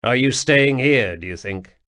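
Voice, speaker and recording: A man's voice: mid-range voice, expressive, unhurried, fairly bright tone. A man doing a brusque young spirit-seer. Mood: intense. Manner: urgent, commanding. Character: young male spirit-seer, intense, brusque then gentle.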